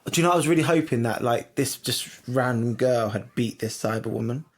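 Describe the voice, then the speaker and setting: A man's voice: mid-range voice, brisk. A man co-hosting a casual podcast, given to incredulous outbursts. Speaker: podcast co-host. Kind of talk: casual chat.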